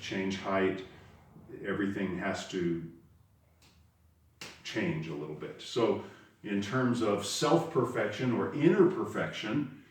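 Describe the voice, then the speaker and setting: A man's voice: on the low side, a little hiss or hum. A man teaching karate, explaining step by step and stressing the key words. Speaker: karate instructor. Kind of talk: spoken lesson. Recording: very echoey room, voice far from the mic.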